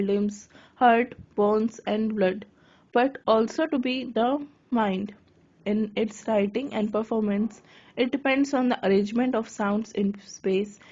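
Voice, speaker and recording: A woman giving a lesson on writing poetry, reading her notes aloud haltingly and correcting herself as she goes. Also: medium pitch, darkish tone. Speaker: lecturer. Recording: dull lo-fi recording.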